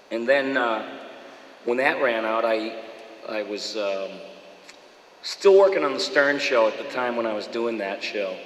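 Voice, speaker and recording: A man, a voice actor, telling stories in an animated way and slipping into impressions. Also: fairly low pitch, roomy sound, long reverb tail, slight background noise, rough recording. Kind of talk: storytelling interview.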